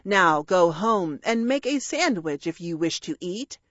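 A woman's voice: lowish voice, animated, unhurried, a bit bright, dry recording, dull audio. A woman voicing a small, righteous boy superhero who lectures wrongdoers sternly, read in a storybook.

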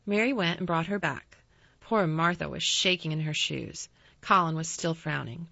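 A woman narrating a storybook in a calm, measured way. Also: deep voice, vocal fry, no room sound. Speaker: audiobook narrator. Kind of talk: storybook reading. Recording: slightly dull dry recording.

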